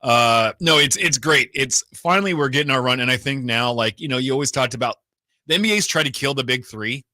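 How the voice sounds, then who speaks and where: A man's voice: medium pitch, brisk, bright, forceful tone, no room sound. A man co-hosting a sports radio show, talking casually and rambling with frequent fillers. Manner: chatty, rambling, lots of fillers. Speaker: radio co-host.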